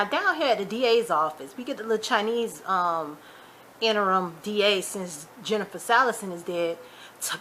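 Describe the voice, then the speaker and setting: A woman hosting a casual TV episode recap, chatty and animated, retelling scenes with quick asides. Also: mid-range voice. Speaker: YouTube TV recap host.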